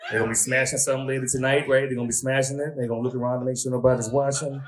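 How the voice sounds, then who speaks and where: A man telling stand-up stories, animated and prone to loud, high exclamations. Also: very fast, crowd noise. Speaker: stand-up comedian. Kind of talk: stand-up storytelling.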